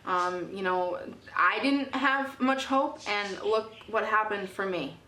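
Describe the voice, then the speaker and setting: A woman's voice: mid-range voice, slow pace, sharp tone, reverberant. A young woman telling a casual storytime about her parrot, chatty, with many fillers. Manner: chatty, many ums and you-knows. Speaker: parrot vlogger.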